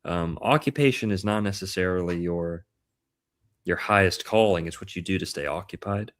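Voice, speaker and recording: A man's voice: deep voice, normal speed, a bit bright. A man hosting a casual podcast chat about astrology, playful and punning, stretching out words for emphasis. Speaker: podcast host.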